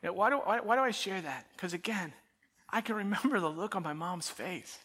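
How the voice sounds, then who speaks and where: A middle-aged male pastor preaching a sermon in a church, telling a story with animated, self-mocking energy and then turning quiet and prayerful. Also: high voice, fairly quick, breathy edge. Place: church auditorium.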